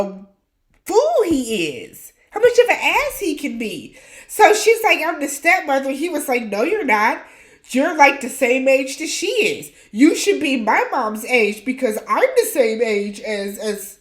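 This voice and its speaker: Woman host, higher-pitched, casual reality-show recap, opinionated and blunt with slang. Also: fairly bright tone.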